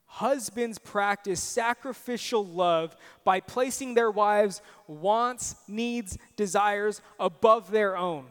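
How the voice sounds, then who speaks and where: A man's voice: sits high, slow pace, few pauses, fairly bright tone, clean tone, in a large hall. A young man preaching a sermon, earnest and personal, telling stories on himself with self-deprecating asides. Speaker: pastor.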